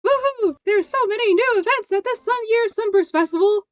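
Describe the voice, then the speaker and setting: A woman voicing an excited young kid at a festival, squealing and bouncy. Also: very high-pitched, fairly quick, no room sound, pitched above the performer's own voice.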